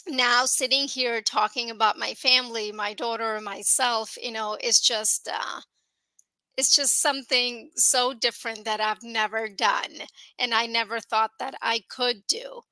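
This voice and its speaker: Woman guest, earnest testimonial, bright and higher voice, dry close sound. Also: dry recording, rough recording. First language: grew up in the US with an Indian-accented English. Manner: earnest, many fillers like "you know". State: tearful at times. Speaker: guest sharing business success. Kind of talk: emotional personal testimonial.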